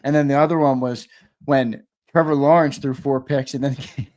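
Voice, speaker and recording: A man hosting a sports talk show, reading out viewer comments and keeping the segments moving along briskly. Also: mid-range voice, fairly even intonation, darkish tone. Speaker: host reading viewer chats.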